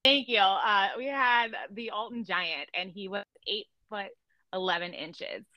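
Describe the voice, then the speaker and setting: A woman from Illinois hosting a casual podcast chat, chatty and quick to laugh, with lots of fillers. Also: medium pitch, pushed and bright, no echo, highs cut off. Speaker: podcast host.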